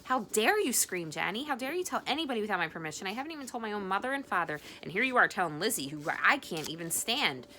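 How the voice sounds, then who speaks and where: A woman's voice: mid-range voice, animated, fairly quick, sharp tone, a little hiss or hum. A woman reading the lines of an agitated, anxious teenage girl. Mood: furious. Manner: agitated, pleading.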